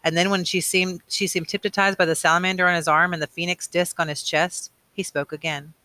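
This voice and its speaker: Guy reading a novel out loud, bright voice, dry close sound, casual asides. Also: sits high, little pitch movement, clean tone, no room sound. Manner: unhurried, with casual asides and small restarts. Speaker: reader.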